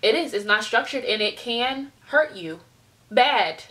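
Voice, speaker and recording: A woman's voice: on the high side, a little slow. A young American woman vlogging casually to her webcam, ranting animatedly and mimicking people as she tells stories. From United States. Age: young adult. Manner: animated storytelling, mimics people in other voices. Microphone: webcam at desk.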